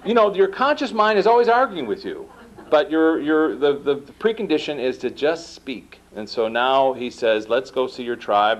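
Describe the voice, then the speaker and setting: A man gives a talk to an audience and tells his story in a lively, swooping voice. He acts out the dialogue and laughs at himself. The recording is dull and lo-fi. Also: medium pitch. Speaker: speaker giving a talk. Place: lecture room.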